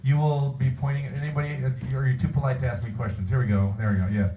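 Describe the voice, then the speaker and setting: A man's voice: mid-range voice, fairly even intonation, quick pace, lo-fi sound. A man, a voice actor, chatting at a convention panel Q&A, rambling and restarting his sentences often. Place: convention hall. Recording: echoey hall, distant mic, faint room noise.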